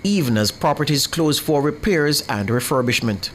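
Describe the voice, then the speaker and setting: A man reading scripted radio news in a crisp, even delivery. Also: fairly high pitch, normal speed, a little hiss or hum. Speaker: radio newsreader.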